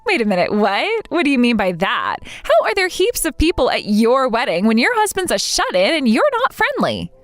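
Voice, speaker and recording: A woman's voice: fairly high pitch, wildly swooping pitch, normal speed, few pauses, dry recording, faint music behind. A woman voicing a spiteful younger sister in a text-message story, talking down to others in a sneering, condescending way. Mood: incredulous. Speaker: wedding guest refusing to attend.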